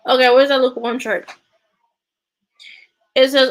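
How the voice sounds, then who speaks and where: A woman's voice: high-pitched, unhurried, pushed and bright. A woman hosting a Bible study, reading scripture aloud and chatting casually about it, stumbling and restarting over words. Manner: chatty, exclaims to live viewers.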